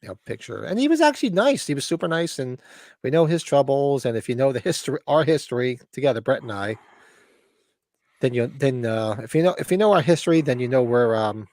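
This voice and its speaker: A middle-aged man co-hosting a podcast in loose, casual chat. His pitch jumps around a lot as he laughs and talks through tangents. The sound is dry and close, with almost no room. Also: fairly quick, no room sound. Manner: animated, laughing, trails into tangents. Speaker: podcast co-host.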